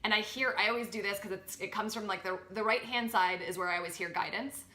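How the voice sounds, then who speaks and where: A woman talking as a podcast guest about spiritual growth, animated and expressive, acting out her inner voices. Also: mid-range voice, fast, reverberant. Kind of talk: spiritual coaching conversation.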